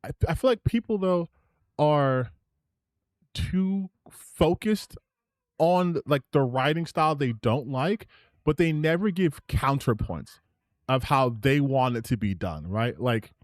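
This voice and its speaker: This time the streamer talks slowly in a mid-range voice, reacting to clips with animated commentary that rambles and keeps starting over. The sound is clean, studio-like, and echo-free.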